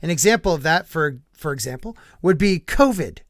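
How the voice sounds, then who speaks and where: A man's voice: a little high, expressive, brisk, fairly bright tone, no room sound, studio quality. A man hosting a casual podcast, ranting bluntly about the news and reading out viewer comments. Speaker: podcast host.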